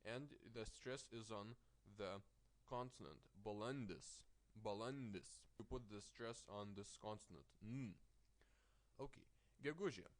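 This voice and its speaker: Slow, careful man teaching. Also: fairly low pitch. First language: Lithuanian. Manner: slow, careful, repeats words with stress, small restarts. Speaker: language teacher. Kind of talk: vocabulary lesson.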